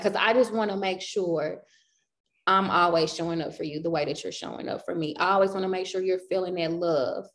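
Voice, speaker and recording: A woman co-hosting a podcast, chatting casually and affectionately with slang. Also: fairly low pitch. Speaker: podcast co-host. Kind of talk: casual chat.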